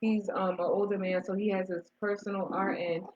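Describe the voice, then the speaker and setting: A woman's voice: medium pitch, flat delivery, fairly quick, darkish tone. A woman co-hosting a casual movie review, summarizing the plot in a chatty way with restarts. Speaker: co-host of a movie review show. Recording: dull lo-fi sound.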